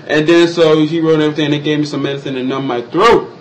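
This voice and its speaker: Young man telling a story, animated. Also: moderate pace, slight background noise, poor audio. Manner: animated, acts out quotes in exaggerated high voices. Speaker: vlogger. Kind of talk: casual storytelling vlog.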